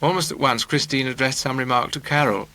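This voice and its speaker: A man narrating a novel in a measured, wry storytelling manner. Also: medium pitch, fairly even intonation, sharp tone, dry recording, rough recording. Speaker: audiobook narrator.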